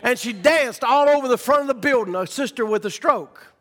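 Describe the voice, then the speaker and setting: A man preaching a sermon, rising from quiet storytelling to fervent shouting. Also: very high-pitched, a little fast, long reverb tail.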